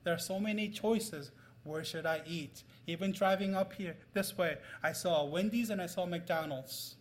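A middle-aged pastor preaching with a notably high voice. He tells stories to the congregation, pushing some phrases out loudly and dropping others to a near murmur. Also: normal speed. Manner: storytelling, swings from loud emphasis to quiet asides. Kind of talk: sermon.

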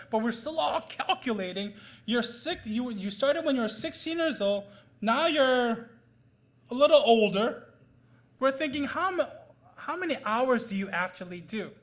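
A middle-aged man preaching a sermon, telling a story with loud emphasis and quiet asides. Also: very high-pitched. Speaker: pastor.

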